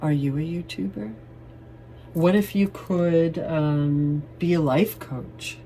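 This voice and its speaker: Woman, tarot reader, low mellow voice, casual and playful, swears freely. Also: steady tone, slow, a little hiss or hum. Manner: chatty and loose, swears playfully, laughs often. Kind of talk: casual tarot reading to camera.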